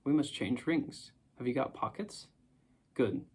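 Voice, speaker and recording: A man voicing a drowsy, curious young boy in an audiobook, with a relaxed, easygoing delivery. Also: medium pitch, unhurried, lightly acted. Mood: eager. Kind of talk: audiobook character reading.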